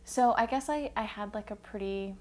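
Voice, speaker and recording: A woman's voice: mid-range voice, moderate pace, mellow. A young woman telling her story in a documentary interview, rambling and full of fillers. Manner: rambling, lots of likes and ums.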